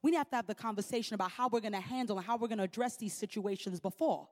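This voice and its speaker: A woman's voice: mid-range voice, very fast. A woman preacher delivering a sermon in an emphatic, repetitive preaching cadence.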